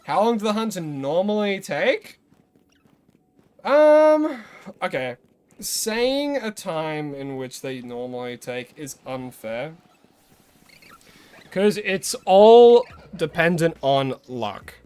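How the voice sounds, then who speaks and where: A man's voice: a little high, very animated, slow, pauses often, darkish tone, clean tone. A young Australian man chatting casually with his viewers as a game streamer, greeting them and rambling between tips. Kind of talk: casual live-stream chat.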